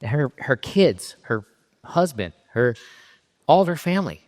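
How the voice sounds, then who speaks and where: A middle-aged man from Southern California giving a keynote talk, telling a personal story in a halting, emotionally raw way with frequent restarts. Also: medium pitch, sing-song, darkish tone. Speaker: keynote speaker. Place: conference stage in a large hall. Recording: reverberant hall sound.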